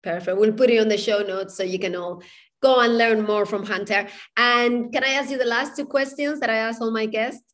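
A woman's voice: fairly high pitch, fairly even intonation, fairly quick, fairly bright tone. A woman hosting a podcast interview, encouraging and affirming toward her guest in casual talk. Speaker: podcast host.

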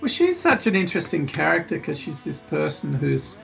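A man's voice: fairly high pitch, sing-song, brisk, gravelly, a bit bright, soft background music. A male film director guest, talking casually and rambling with many restarts in a podcast interview. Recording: dull lo-fi podcast audio.

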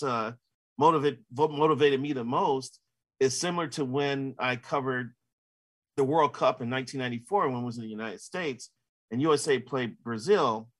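A sportswriter in his fifties answers interview questions casually and rambles, dropping plenty of "you know" fillers. His mid-range voice has a fairly bright tone.

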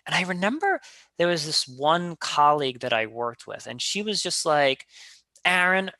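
Male, casual chat, animated storyteller, bright forceful tone, dry close sound. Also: fairly high pitch, normal speed, no room sound. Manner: animated storyteller, many restarts and filler words. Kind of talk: casual conversation.

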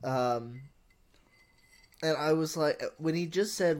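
Slow rambling laughing man. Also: fairly high pitch. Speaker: podcast co-host. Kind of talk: casual chat.

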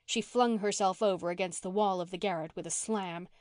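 Brief: woman audiobook narrator, calm and even, mid pitch, dry close mic. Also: brisk, dry recording. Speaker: audiobook reader. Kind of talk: audiobook narration of a classic novel.

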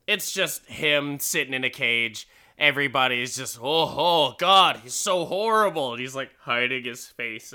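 A man's voice: mid-range voice, sharp tone, smooth. A man casually and crudely recapping a story, rambling and laughing at his own jokes. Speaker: podcast host recapping an episode.

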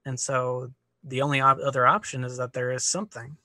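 A man's voice: mid-range voice, little pitch movement, fairly quick, sharp tone, no room sound, studio quality. A young man in a debate, explaining his view hesitantly and restarting his sentences as he thinks aloud. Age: young adult. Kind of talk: casual spoken argument.

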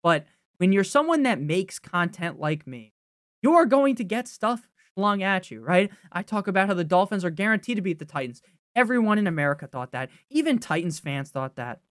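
A young man hosting a fantasy football podcast, ranting casually with profanity and sudden loud outbursts of frustration. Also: high voice, no room sound, clean studio sound.

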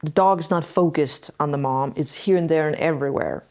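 Low-voiced woman explaining earnestly. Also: normal speed, a little mellow. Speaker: podcast host. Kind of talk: casual talk to listeners.

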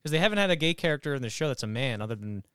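A man's voice: medium pitch, very animated, very fast, fairly bright tone, clean tone, no echo, clean studio sound. A man co-hosting a casual podcast chat, blunt, argumentative and crude.

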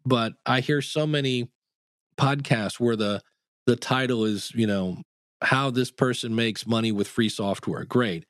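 Animated podcast coach, dry sound. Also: male voice, medium pitch, measured pace, dry recording. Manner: animated storyteller, acts out quoted people. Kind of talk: interview answers.

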